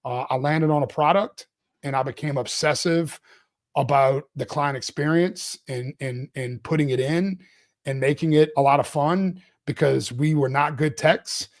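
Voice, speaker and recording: Animated man telling a rambling story. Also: on the high side, moderate pace. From Louisiana, US. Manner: rambling, animated, laughs often. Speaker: CEO guest. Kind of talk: casual storytelling interview.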